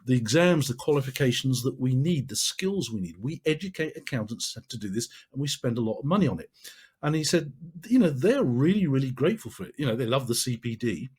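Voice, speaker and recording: A man's voice: mid-range voice, darkish tone, slightly rough. A man giving a marketing training talk, emphatic and repeating phrases for stress.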